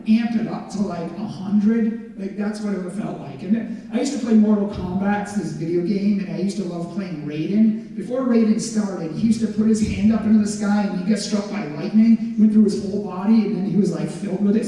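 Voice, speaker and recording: Young man, casual testimony talk, higher-pitched voice, very dark mellow tone, chatty with lots of filler, echoey distant hall. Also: fairly quick, few pauses. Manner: casual and chatty, full of "like" and "legit". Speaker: guest speaker. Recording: echoey hall, voice heard from far off.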